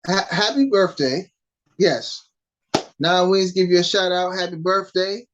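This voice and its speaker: A woman co-hosting a casual podcast chat, teasing her co-host and pausing often as she searches for words. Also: fairly low pitch, dull audio, background noise. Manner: playful teasing, drawn-out pauses.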